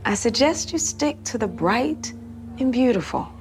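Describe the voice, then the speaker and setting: A stern, slow-talking art teacher. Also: female voice, on the high side, lively intonation. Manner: scolding, disapproving. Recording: music under the dialogue.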